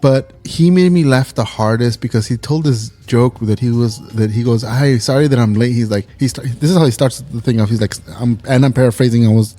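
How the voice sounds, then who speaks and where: A man's voice: medium pitch, brisk, hardly any pauses, warm tone. A man in his forties co-hosting a podcast, telling rambling, profane stories in casual chat. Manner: loose, profane storytelling. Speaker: podcast co-host.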